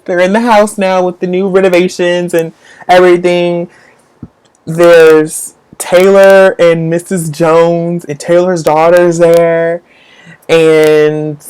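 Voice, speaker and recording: Low-voiced woman gushing about books. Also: clean tone. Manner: gushing, rambling, jumps to high squeals when excited. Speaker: book vlogger. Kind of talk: casual live-chat book talk.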